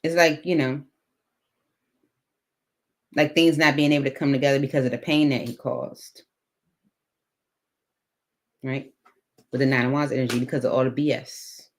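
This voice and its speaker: A woman reading tarot cards aloud in a casual, chatty way, thinking out loud with many fillers. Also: rumbling low, steady tone, normal speed, pauses often. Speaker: tarot reader.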